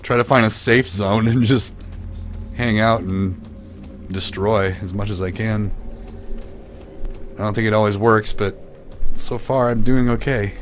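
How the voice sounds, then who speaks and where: A man commentating his own gameplay, panicking and swearing through fights, then calming down to chat. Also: lowish voice. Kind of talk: let's play commentary.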